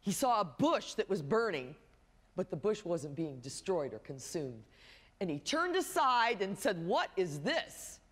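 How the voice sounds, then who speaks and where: A woman's voice: fairly low pitch, very animated, measured pace, husky, in a large hall. A woman pastor preaching a sermon, telling a story with humorous asides.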